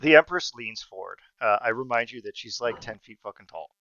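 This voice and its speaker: A man's voice: medium pitch, expressive, a little fast, bright, forceful tone, no echo. A man narrating a tabletop game as game master in a playful, casual way, laughing often, on a dull lo-fi recording.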